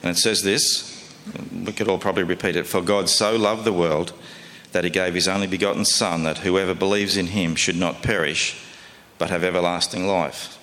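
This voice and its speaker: A man's voice: sits low, steady tone, moderate pace, a bit bright, big-room sound. A man preaching a sermon in a conversational, folksy way, often asking his listeners questions.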